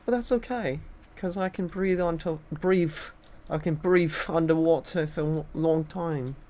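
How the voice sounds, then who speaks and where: A man's voice: fairly high pitch, a little slow, a little mellow, voice pushed up, close to an everyday voice. A man putting on an exaggerated, sing-song accent as a joke while gaming. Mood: goofy.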